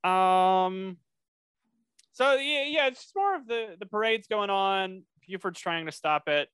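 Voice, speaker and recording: Casual guy chatting on a podcast, slightly high voice, tons of ums, dry mic. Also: lively intonation, slow, a bit bright, smooth, no room sound. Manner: rambling, many fillers and restarts. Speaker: podcast co-host. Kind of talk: casual chat recapping a cartoon episode.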